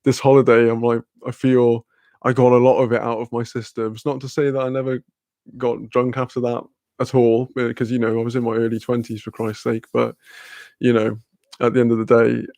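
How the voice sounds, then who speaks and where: A man's voice: medium pitch, completely flat delivery, brisk, gravelly, a little mellow, dry recording, clean studio sound. A young man telling a rambling, sweary story in casual chat, laughing often. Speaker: channel host.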